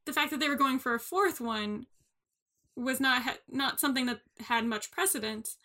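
A woman's voice: sits high, pushed and bright. A young woman co-hosting a casual movie chat, enthusiastic and chatty. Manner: enthusiastic, chatty, quick laughs.

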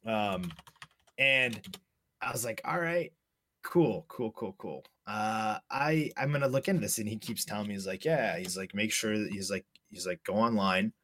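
Profane bright-voiced man telling a story. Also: lowish voice, normal speed, dry recording. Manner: profane, animated storyteller, acts out dialogue. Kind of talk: casual storytelling.

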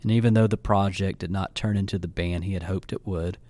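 A man hosting a podcast, reading scripted narration in a measured, even way. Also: low-pitched, dry recording. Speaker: podcast host. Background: faint guitar music.

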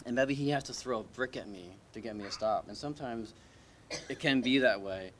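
There's a slight hiss or hum as a man with a mid-range voice preaches briskly at a church service. His informal sermon feels conversational and hesitant, and he keeps restarting and questioning the congregation.

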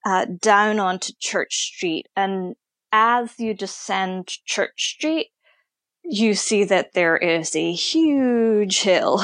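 A woman's voice: on the low side, no room sound. Woman tour guide telling stories, dry sound. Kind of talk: conversational storytelling interview.

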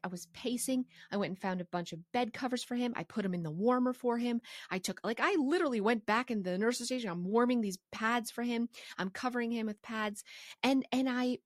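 A woman from Canada who runs a course for professional organizers, talking through her life rules in a passionate, animated way with quick asides. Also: medium pitch, dry recording, studio quality. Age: adult with a young son. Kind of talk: casual advice monologue.

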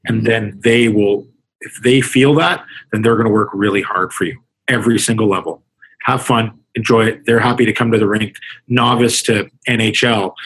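A man's voice: fairly low pitch, fairly bright tone, slightly rough, poor audio. A man, a hockey coach, answering interview questions in an earnest, rambling way, often restarting his sentences. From Canada.

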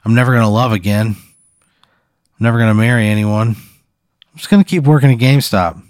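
Man, mid-pitch, reluctant and incredulous, swears often, casual chat, dry sound. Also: brisk, a little mellow, no room sound. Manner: reluctant, incredulous, swears a lot, plays along with the bit. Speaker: podcast co-host.

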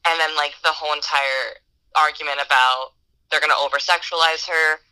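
Bright, eager speaker gushing about films. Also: medium pitch, steady tone, rough recording. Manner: enthusiastic, halting, many "like" fillers. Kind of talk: casual film chat.

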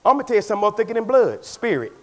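Pastor preaching with lively swings. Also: male voice, high-pitched, racing. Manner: preaching with swings between shouts and hushed asides. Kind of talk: sermon. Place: church.

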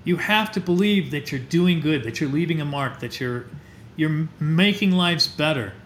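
A man's voice: a little high, normal speed. A middle-aged man, a teacher and astronomer, telling heartfelt stories as a guest in a podcast interview. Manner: animated, heartfelt storyteller. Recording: roomy echo with faint noise.

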